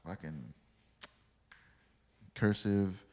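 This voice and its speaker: Rambling low-voiced man telling stories. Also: drawn-out words, warm tone, long reverb tail. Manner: rambling, swears freely, acts out quoted dialogue. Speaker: podcast guest. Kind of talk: casual storytelling chat.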